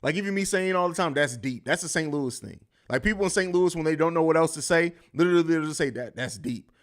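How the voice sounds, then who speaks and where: A fast-talking man with a fairly high voice hosts a live sports podcast, riffing bluntly and swearing plenty in this live-streamed sports talk.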